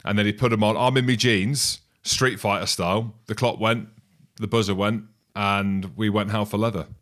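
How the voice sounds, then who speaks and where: A man's voice: lowish voice, fairly even intonation, moderate pace, a bit bright. Self-mocking man in his forties. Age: 40s. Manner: storytelling, self-mocking, laughs often. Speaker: podcast co-host, former rugby player. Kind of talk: casual chat.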